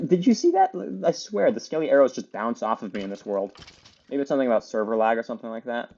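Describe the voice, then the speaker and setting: A man's voice: mid-range voice, fast talker, darkish tone, highs cut off. A man giving casual, chatty play-by-play commentary while he plays a video game, rambling with lots of fillers. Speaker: gaming video creator.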